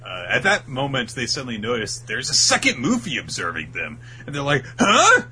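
Man, podcast co-host, casual retelling, lively pitch, laid-back with fillers. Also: a little fast, noisy background. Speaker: podcast co-host recapping anime. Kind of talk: casual chat.

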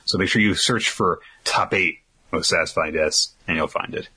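A man's voice: low-pitched, normal speed, sharp tone, husky. A young man co-hosting a podcast, reading listener questions in a dry, rambling way that drifts into tangents. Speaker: podcast co-host.

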